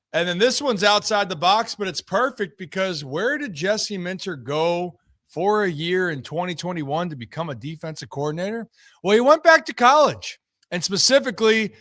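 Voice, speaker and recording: A man's voice: fairly high pitch, pushed and bright, no echo, studio quality. A man hosting a live sports talk show, chatting upbeat and straight to his viewers.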